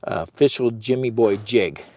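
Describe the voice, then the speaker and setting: This man's voice is on the low side and a little mellow, moving at normal speed over slight background noise. Livestreaming by phone from a heated tent during a camping trip, he chats loosely and keeps urging viewers to like and share.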